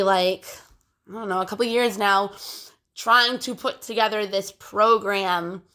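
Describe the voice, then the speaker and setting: A young woman talks casually into her phone, meandering through fillers and restarts. Her throat sounds phlegmy and she clears it often. The tone is bright and forward. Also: mid-range voice. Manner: rambling, filler-heavy, frequent throat clearing. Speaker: vlogger. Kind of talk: casual chat to camera.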